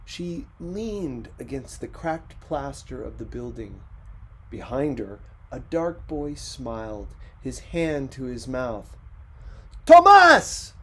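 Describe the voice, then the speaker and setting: Slow, husky male storyteller. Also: medium pitch, lively intonation, mellow. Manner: slow, measured reading. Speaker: reader. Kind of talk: audiobook narration.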